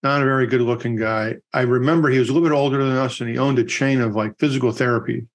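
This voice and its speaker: A man's voice: medium pitch, steady tone, quick pace. Middle-aged man telling a rambling story. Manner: rambling anecdotal storyteller with many fillers. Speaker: podcast co-host. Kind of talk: casual chat and storytelling.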